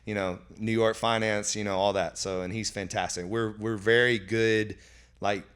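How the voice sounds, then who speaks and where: A founder recounts his business journey in a relaxed interview chat. His voice sits low and sounds smooth and clean. He rambles, piling up fillers as he goes. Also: moderate pace. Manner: rambling, full of "like" and "you know" fillers. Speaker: beverage company founder telling his story. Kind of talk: casual conversational storytelling.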